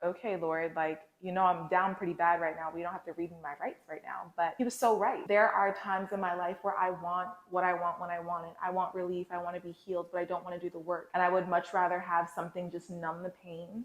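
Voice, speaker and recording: A woman vlogger telling a candid, casual, heartfelt faith story to her viewers. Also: lowish voice. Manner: casual, slangy, heartfelt and confessional. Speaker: lifestyle vlogger. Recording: roomy echo.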